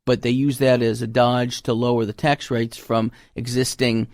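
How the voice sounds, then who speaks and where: A man's voice: medium pitch, level tone, moderate pace, darkish tone, dry recording, studio quality. A man, a tax advisor guest on a radio talk show, chatting in a folksy way and acting out his clients' lines as he tells stories. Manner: folksy storyteller, acts out client dialogue.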